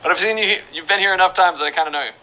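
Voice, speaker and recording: A man's voice: high voice, very fast, sharp tone, rough recording. A young man streaming a game, chatting casually and reading out viewer questions in a rambling, playful way. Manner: rambling, playful, reads chat aloud. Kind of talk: casual live-stream chat while playing.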